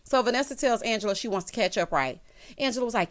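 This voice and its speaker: Honey and child are what this woman calls her viewers as she recaps a reality show, gossiping casually to camera. Her voice runs a little high, expressive and quick.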